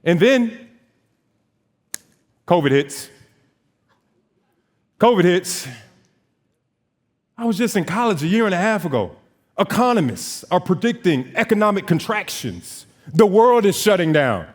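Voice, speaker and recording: A high-pitched man in his twenties who owns a notary business gives a motivational talk on stage. He tells his story in an animated way at a normal pace, acting out bits of dialogue.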